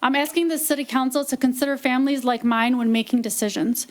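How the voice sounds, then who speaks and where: Firm, high-voiced mother pleading her case. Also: steady tone, fast. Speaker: parent giving public comment. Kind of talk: prepared public comment read aloud.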